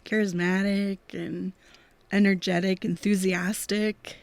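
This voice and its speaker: A woman's voice: mid-range voice, level tone, slow pace, dry recording. A woman guest in a casual podcast chat, easygoing and agreeable. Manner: easygoing, lots of affirming yeahs.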